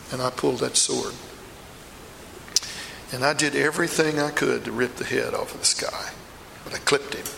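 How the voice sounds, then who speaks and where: A man's voice: mid-range voice, creaky, sharp tone, slight background noise. A man performing a first-person dramatic monologue as a remorseful apostle, a middle-aged fisherman telling his story with intense feeling. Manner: intense storytelling, swells to anguished outbursts. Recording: echoey hall, long reverb.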